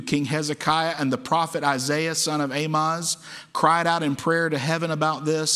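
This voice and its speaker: In a church sanctuary, a pastor preaches a sermon, acting out quoted cries with dramatic force. His voice is fairly bright and on the high side, and the recording carries a long church-hall reverb.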